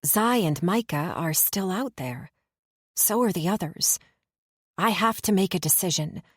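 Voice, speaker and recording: Audiobook narrator: woman, lower register, measured first-person reading, dry booth. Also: lively intonation, slightly rough, no echo.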